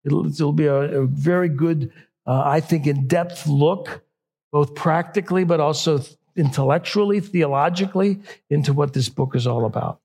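Husky-voiced male preacher. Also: on the high side, normal speed, a little mellow. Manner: conversational preaching with self-corrections. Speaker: pastor. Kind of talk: sermon.

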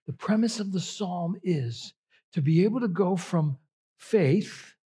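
A man's voice: high-pitched, expressive, slow pace, mellow, slightly rough. A man preaching a sermon as a pastor, conversational and emphatic, drawing out key phrases.

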